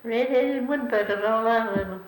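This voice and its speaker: A woman's voice: on the high side, fairly quick. A woman being interviewed, giving short, plain answers. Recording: roomy old tape recording with hiss.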